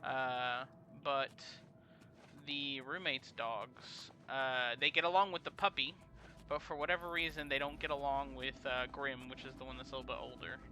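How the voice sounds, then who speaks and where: A man's voice: mid-range voice, little pitch movement, moderate pace, sharp tone. A young man casually commenting on a game during a live stream, laid-back and slangy, rambling between actions. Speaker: let's play streamer. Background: game music.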